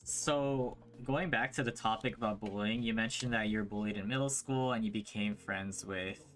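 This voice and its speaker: A man's voice: on the low side, normal speed, fairly bright tone, soft background music. A man hosting a podcast, asking questions and giving short acknowledgments in a casual interview. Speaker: podcast host.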